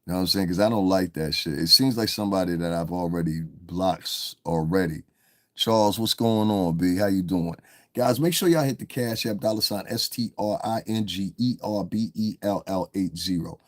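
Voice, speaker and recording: Deep-voiced man chatting on a live stream. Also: normal speed, fairly bright tone, dry recording, studio quality. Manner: loose, profane, chatty, talking to viewers in chat. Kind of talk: casual live-stream commentary.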